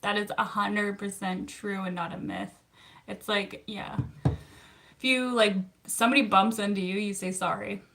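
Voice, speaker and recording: Slow, gravelly-voiced Canadian woman. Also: mid-range voice, steady tone, fairly bright tone. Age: 30s. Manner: giggly and chatty, with frequent fillers. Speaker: therapist. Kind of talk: casual live-stream chat answering viewer comments.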